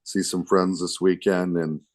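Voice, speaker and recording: Deep-voiced man, easygoing and rambling. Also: flat delivery, a little slow. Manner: easygoing, rambling, many fillers. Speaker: player and guest. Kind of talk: casual chat.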